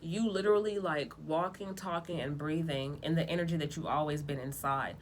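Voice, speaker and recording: A woman giving a casual tarot reading, talking bluntly in lively slang with plenty of profanity. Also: deep voice, a little fast, a little hiss or hum. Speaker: tarot reader.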